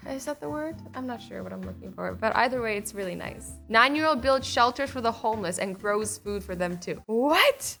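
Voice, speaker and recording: A woman's voice: on the high side, a bit bright. A young woman hosting a casual reaction video, bubbly and giggly, saying "like" a lot. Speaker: YouTube reaction host.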